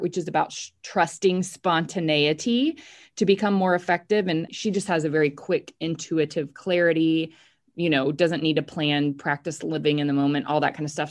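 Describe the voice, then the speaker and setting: Bubbly American woman hosting a podcast. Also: fairly low pitch. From United States. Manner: bubbly, enthusiastic. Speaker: podcast host. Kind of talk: casual podcast introduction.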